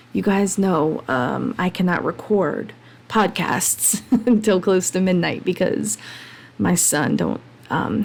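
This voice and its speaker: A woman hosting her own podcast, talking passionately and emphatically, getting heated and then calming down. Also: on the low side, creaky. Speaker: podcast host. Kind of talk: solo podcast monologue. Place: home, late at night.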